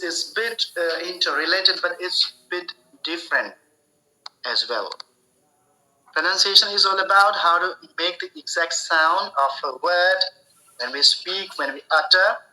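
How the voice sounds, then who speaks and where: A man teaches a spoken English lesson in a very bright, somewhat high voice. He explains slowly and deliberately, circling back to repeat and restart his phrases. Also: poor audio.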